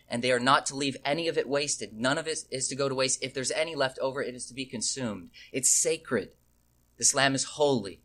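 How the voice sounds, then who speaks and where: A man's voice: mid-range voice, fairly bright tone. A man reading scripture aloud and then explaining it verse by verse, emphatic and repeating key phrases for weight. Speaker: Bible teacher.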